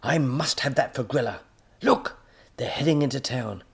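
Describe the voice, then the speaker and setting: A man voicing an excitable, scheming male mad professor who snaps at his helper. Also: mid-range voice, moderate pace, creaky, breathy edge, voice pushed up. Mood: snappish. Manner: snappish, overexcited.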